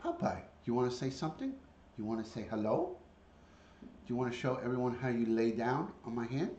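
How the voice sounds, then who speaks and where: Man, livestream host, animated pitch, sing-song coaxing calls to a pet bird, echoey home room. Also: a little fast, lo-fi sound. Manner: coaxes his parrot in high sing-song calls between plain chat. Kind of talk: casual livestream chat. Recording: echoey room with faint ambient noise.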